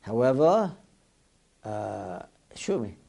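Lively man teaching a Torah class. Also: mid-range voice, slow pace, gravelly, breathy edge. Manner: animated, asks the listeners rhetorical questions; mixes Hebrew and Yiddish terms into English.

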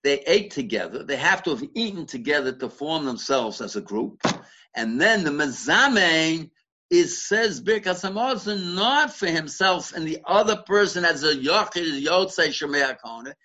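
A man's voice: fairly high pitch, lively intonation, normal speed, sharp tone. A man teaching a Torah study class, explaining step by step and quoting Hebrew and Aramaic sources, often restarting words as he thinks. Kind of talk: Talmudic study lecture. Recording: dull lo-fi recording.

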